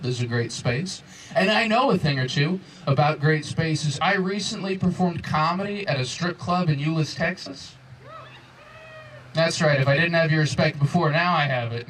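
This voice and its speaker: A man in his twenties doing a stand-up comedy set, telling stories with exasperated, animated crowd banter. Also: a little high, far from the mic, slight background noise, low-quality recording. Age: 20s. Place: comedy club stage before a crowd. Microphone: handheld stage microphone.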